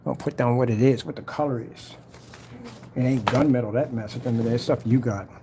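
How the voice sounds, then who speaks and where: In this casual screen recording, a man narrates while building an ad for his own small business's product, bragging, trash-talking competitors, and muttering and whispering to himself as he works. He speaks fairly quickly in a warm, mid-range voice, with slight background noise behind him.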